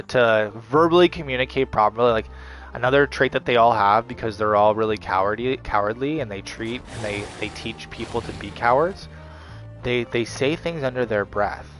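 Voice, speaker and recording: A man's voice: medium pitch, lively intonation, normal speed, fairly bright tone, soft background music. A man giving a rambling, defiant monologue, leaning on "like" and "you know" fillers. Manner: defiant, mocking.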